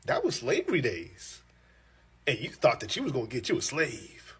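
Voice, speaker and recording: A man's voice: mid-range voice, wildly swooping pitch, normal speed, breathy edge. A man ranting in a mocking, sarcastic way. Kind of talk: mocking social media rant.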